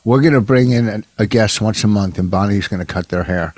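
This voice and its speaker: A man's voice: on the low side, brisk, darkish tone, no echo. Brash, profane older male podcast co-host with a grumbling comic edge. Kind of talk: casual comedic podcast banter. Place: home podcast studio.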